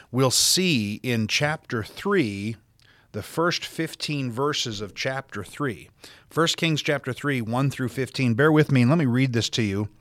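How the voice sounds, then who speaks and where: A man's voice: mid-range voice, a bit bright, dry recording, studio quality. A man from South Dakota preaching a podcast sermon as a pastor, stressing key words by repeating them and reading scripture aloud in old-fashioned wording. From South Dakota, USA.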